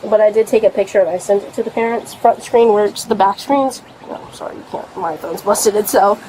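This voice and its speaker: Young woman telling an officer her side, rambling and profane, mid-pitched, faint ambient noise. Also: moderate pace, dark tone, low-quality recording. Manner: rambling, full of fillers and swearing. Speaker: woman giving a statement to police. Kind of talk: recounting an argument to an officer. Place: at a home. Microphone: police body camera.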